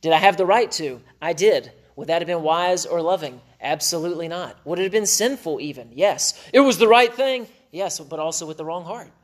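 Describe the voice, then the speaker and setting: A man's voice: fairly high pitch, a little fast, hardly any pauses. A middle-aged man hosting a marriage podcast, teaching in an emphatic, preacher-like way and repeating phrases for stress.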